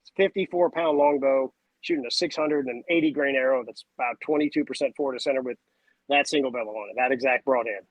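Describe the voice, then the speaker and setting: A man, a podcast guest telling stories in a casual, animated way. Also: mid-range voice, fast talker, no echo, lo-fi sound. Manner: animated, acts out voices and sounds. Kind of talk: casual storytelling chat.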